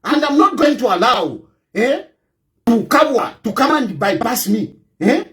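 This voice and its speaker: A man's voice: very high-pitched, animated, measured pace. A Zambian man, a politician, delivering a combative, mocking political rant and repeating his lines defiantly. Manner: defiant, repetitive, mocking, bursts of shouting.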